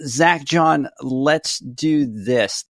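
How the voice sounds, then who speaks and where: Upbeat podcast host, dry sound. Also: male voice, medium pitch, very slow, dry recording. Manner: upbeat, gives shout-outs and moves questions along. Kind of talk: casual podcast chat.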